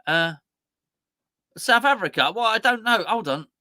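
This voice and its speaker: A man hosting a live stream, rambling chattily and reading out viewers' messages, swinging between excited highs and low muttered asides. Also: measured pace, dry recording, studio quality. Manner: rambling, chatty, talking to himself while reading out the chat. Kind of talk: casual live-stream chat.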